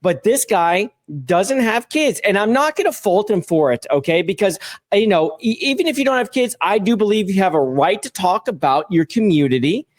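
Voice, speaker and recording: A man's voice: sits high, lively intonation, normal speed. A middle-aged man in a casual reaction chat, talking in an emphatic, heated way as a guest co-host. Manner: emphatic and heated, repeating "okay?".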